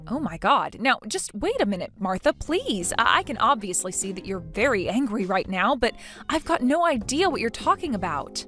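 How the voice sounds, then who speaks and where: A woman's voice: on the high side, very animated, moderate pace, a bit bright, faint music behind. A synthetic female voice playing a pregnant young wife who answers in a hesitant, puzzled way. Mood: confused.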